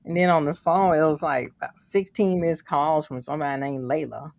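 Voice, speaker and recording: A woman co-hosting a podcast in relaxed casual chat with laid-back slang. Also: low voice, brisk, no room sound. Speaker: podcast co-host.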